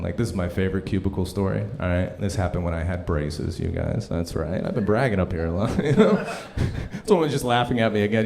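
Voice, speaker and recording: A man doing live stand-up on a comedy club stage, telling stories in an animated, profane way with frequent asides to the crowd. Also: lowish voice, noisy background.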